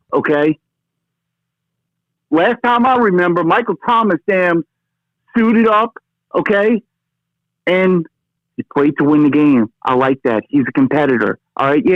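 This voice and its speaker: A worked-up man rants about his team over a thin, phone-like line. His voice sits a bit high and dry, and he punches his points with "okay?" and "brother.". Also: no room sound. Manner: fired-up, ranting, peppers lines with "okay?" and "brother". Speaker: caller. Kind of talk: phone-in sports rant.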